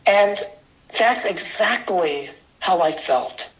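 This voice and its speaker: Earnest older man with a bright voice. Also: sits high, animated, slow pace, low-quality recording. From New York City. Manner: earnest, emphatic, with frequent restarts. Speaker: guest sharing his testimony. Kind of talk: personal testimony in an interview.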